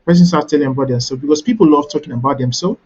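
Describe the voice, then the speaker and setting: A male coach teaching a webinar in an instructive manner, often checking in with "right?" as he repeats his points. His voice sits a little high and has a husky edge. The audio is dull and lo-fi. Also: racing, darkish tone. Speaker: networking coach.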